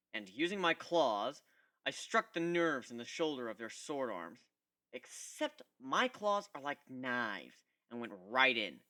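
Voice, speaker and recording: A man giving an expressive first-person dramatic reading of a fan fiction story. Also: mid-range voice. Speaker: reader.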